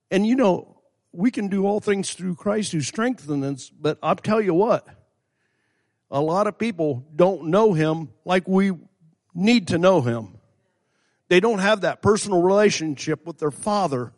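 A middle-aged preacher with a slightly high voice tells a story from the pulpit in a folksy way. He circles back and repeats himself, then climbs into fervent emphasis. His voice rings out with a long reverb through the church. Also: animated, moderate pace, a little mellow. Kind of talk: sermon storytelling. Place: church sanctuary.

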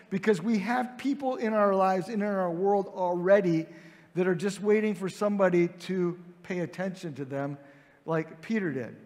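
A male pastor with a high voice gives a relaxed, conversational sermon. He retells the scene casually and slips into short quoted lines for its people. His voice rings out through a large hall with a long, heavy reverb.

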